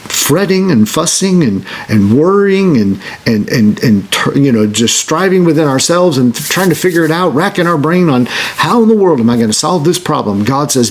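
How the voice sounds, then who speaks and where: A man preaching a sermon as pastor, earnest, restarting phrases and slowing down on scripture. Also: fairly high pitch. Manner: earnest, repeats words when starting a phrase.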